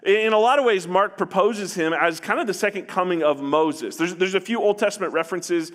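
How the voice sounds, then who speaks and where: A man's voice: high-pitched, fairly quick, a bit bright. A man preaching a sermon, earnest, often restarting phrases and acting out what people say. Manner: earnest, with repeated restarts and acted-out paraphrases. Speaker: pastor.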